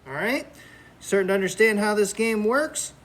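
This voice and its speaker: A high-pitched man leads a kindergarten counting game with cheerful, patient energy. He drags out the numbers in a sing-song way and talks warmly to small children at home. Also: expressive, moderate pace, noisy background. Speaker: kindergarten teacher. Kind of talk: remote lesson for young children.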